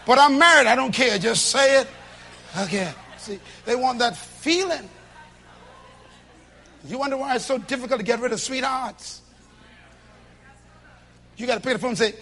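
A man preaching a sermon to a church congregation, emphatic, with loud bursts and low asides. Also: a little slow, long pauses.

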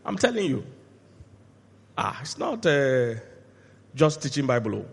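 A male pastor preaching a sermon, asking the congregation to finish his lines and swinging from quiet asides to loud shouted peaks. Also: mid-range voice, sing-song, a little slow, gravelly, husky. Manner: call-and-response questions to the congregation. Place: church hall. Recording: long hall reverb.

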